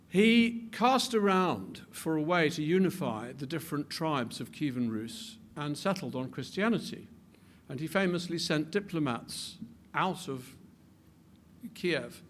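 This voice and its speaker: A man giving a public talk with animated delivery, building to emphatic peaks and often repeating words as he restarts his sentences. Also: on the high side, slight background noise. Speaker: speaker.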